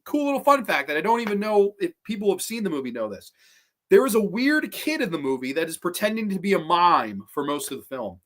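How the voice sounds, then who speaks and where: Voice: mid-range voice, big pitch swings, fairly quick, a bit bright. A podcast host chatting casually on a livestream, blunt and profane, rambling through opinions and answering viewers. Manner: rambling, with frequent restarts and trailing asides. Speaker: podcast host ranking horror films.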